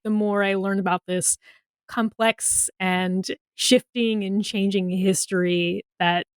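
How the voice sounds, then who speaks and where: A woman's voice: medium pitch, steady tone, slow, clean tone, no echo. A woman co-hosting a casual podcast discussion, talking with enthusiasm as she sums up. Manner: enthusiastic, wrapping up with a summary. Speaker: podcast co-host.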